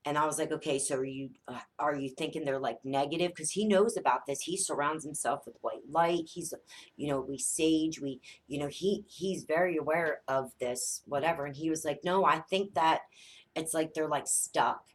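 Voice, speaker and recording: A woman in her thirties, a mother telling a spooky family story in a casual, animated way, swearing often and acting out the dialogue. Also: sits low, moderate pace. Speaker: psychic vlogger, mother.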